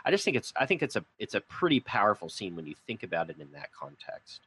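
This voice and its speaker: Low-pitched male co-host; thoughtful, analytical chat. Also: big pitch swings, quick pace, pushed and bright, husky. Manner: reflective, builds long comparisons. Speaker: podcast co-host. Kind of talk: casual discussion.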